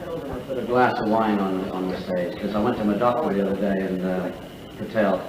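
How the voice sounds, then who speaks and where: A man's voice: fairly low pitch, fairly quick. A man with an Irish accent doing a stand-up set, wry and profane. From Ireland. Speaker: stand-up comedian. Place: large function room with an audience. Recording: echoey live room, far mic, noisy crowd.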